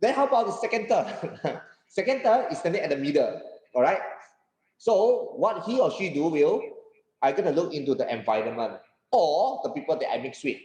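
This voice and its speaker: Male corporate trainer, Malaysian English accent, lively lecturing, keeps checking in, fairly high voice, echoey room. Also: normal speed. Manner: animated, laughs often, keeps checking in with the audience. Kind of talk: workshop lecture.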